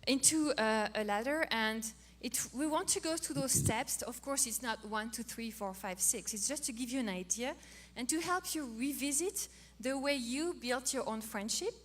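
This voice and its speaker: Woman, high pitch, marriage course speaker, halting explanatory delivery. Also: slight background noise. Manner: halting, restarts phrases while explaining. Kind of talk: teaching talk to couples.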